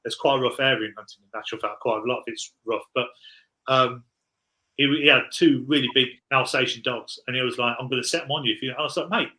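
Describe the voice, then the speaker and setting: A man's voice: medium pitch, steady tone, fast, sharp tone, poor audio. A man in his forties, a podcast guest, telling rambling, laughing anecdotes in casual chat.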